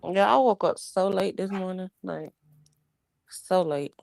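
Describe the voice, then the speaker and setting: A woman's voice: lowish voice, a little slow, vocal fry, a little mellow. A young woman chatting casually on a livestream, greeting viewers and talking about her kids while burping a baby.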